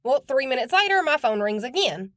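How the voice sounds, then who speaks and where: A blunt, chatty woman host talking through a true crime case in a loose, conversational way. Her voice sits a little high, and the sound is dry and close with no room echo. She swears now and then and keeps it casual. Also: big pitch swings, fairly quick, a bit bright. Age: adult with children.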